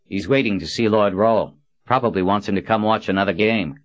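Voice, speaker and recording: A man voicing a self-conscious, kindly soldier captain with gruff, awkward warmth in an audiobook. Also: fairly low pitch, brisk, no echo, lo-fi sound, close to an everyday voice. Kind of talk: audiobook character voice.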